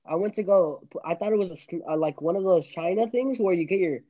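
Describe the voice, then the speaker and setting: A man's voice: high-pitched, a little fast, warm tone, muffled recording. A young man hosting a casual podcast chat, rambling and laughing with many restarts. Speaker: podcast host.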